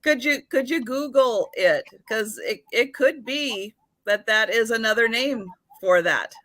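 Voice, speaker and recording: Slow, bright Washington State woman. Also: fairly high pitch, animated, no room sound. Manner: laughing, mock-indignant, hesitant with many fillers. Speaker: guest on a live chat. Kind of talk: casual live-stream chat.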